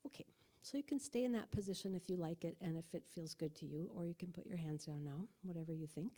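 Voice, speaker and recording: Soft-spoken woman guiding a meditation. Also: on the low side, fast. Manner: gentle, soft-spoken, often whispered. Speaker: meditation leader. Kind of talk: guided meditation. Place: church sanctuary.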